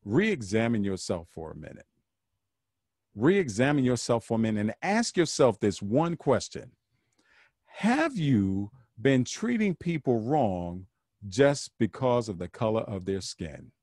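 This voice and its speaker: A man talks straight to his listeners in an earnest, preaching way, often repeating himself to drive a point home. His pitch swings widely as he speaks. The sound is dry and close, with no room around it. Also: big pitch swings, unhurried, darkish tone, no echo. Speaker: podcast host. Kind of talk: solo podcast monologue.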